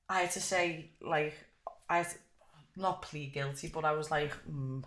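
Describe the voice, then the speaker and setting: A young woman, chatting as an interview guest and telling stories in an animated way with plenty of swearing. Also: low voice, measured pace, slight background noise. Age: young adult. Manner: animated storyteller, swears freely. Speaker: guest fighter. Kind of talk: casual interview chat. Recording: echoey room.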